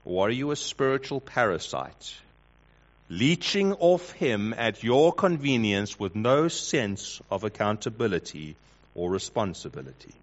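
A man's voice: lowish voice, very animated, measured pace. Emphatic male preacher, dull recording. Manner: emphatic, rhetorical questions, swings between loud and hushed. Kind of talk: sermon. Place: church hall with congregation. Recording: dull lo-fi sound.

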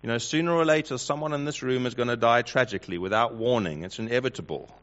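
A man preaching a sermon, building through rhetorical questions and swinging between loud emphasis and hushed lines. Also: medium pitch, fast talker. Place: church hall with congregation. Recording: dull lo-fi sound.

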